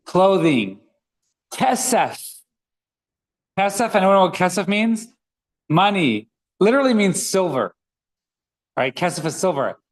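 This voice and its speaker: Slow, patient man teaching a class. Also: sits high, rough recording. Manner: patient, drills sounds one by one. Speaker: Hebrew reading teacher. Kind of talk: classroom lesson. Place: classroom with students.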